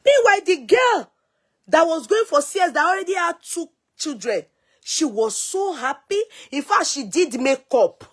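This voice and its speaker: A woman's voice: high-pitched, moderate pace. A woman in her thirties with a Nigerian accent, casually and dramatically telling her own story to the camera. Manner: dramatic, expressive retelling.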